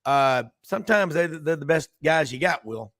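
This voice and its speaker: Man, sports panelist, fairly high voice, relaxed and rambling, dry close sound. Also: normal speed, dry recording. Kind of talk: casual sports talk.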